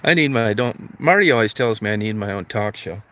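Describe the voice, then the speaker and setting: A man's voice: fairly low pitch, expressive, a little fast, fairly bright tone, slight background noise. Crude, swearing man ranting on a livestream. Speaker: livestream host. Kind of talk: profane comedic rant.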